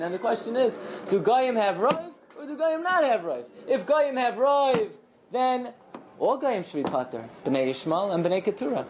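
Animated Talmud teacher, woman. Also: mid-range voice, a little hiss or hum. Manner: animated, acts out quoted voices, questioning and answering. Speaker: Torah teacher. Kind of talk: lively Talmudic lesson.

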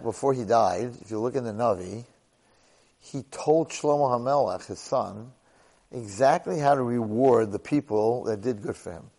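A man's voice: medium pitch, darkish tone, big-room sound, rough recording. A middle-aged man teaching a Torah class, emphatic and fond of rhetorical questions, often restarting his sentences. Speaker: Torah lecturer.

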